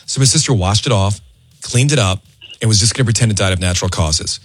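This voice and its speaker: A man hosting a radio show, telling a story in a chatty, animated way with plenty of fillers. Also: lowish voice, fast, slightly rough, no echo, faint music behind. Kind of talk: casual on-air storytelling.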